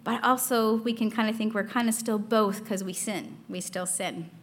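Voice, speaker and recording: A woman's voice: mid-range voice, steady tone, normal speed, slight background noise. A young adult woman giving a casual devotional talk, earnest, reading quotations aloud with frequent fillers.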